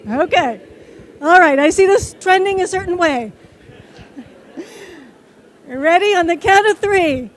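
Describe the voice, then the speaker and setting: A woman's voice: extremely high pitch, normal speed, long pauses, a little hiss or hum. A woman giving a short conference talk who leads the audience in an improv exercise, coaxing the crowd playfully. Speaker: conference speaker. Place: conference hall stage.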